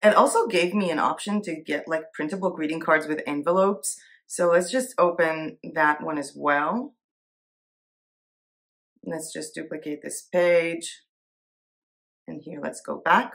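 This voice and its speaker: A woman talks her way through a screen-share in an easy, conversational tone. Her voice sits a little low, and she thinks out loud as she goes, often slipping into small giggles. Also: a little slow. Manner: chatty, thinks aloud, giggles easily. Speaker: Etsy seller and art vlogger. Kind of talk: casual screen-share commentary.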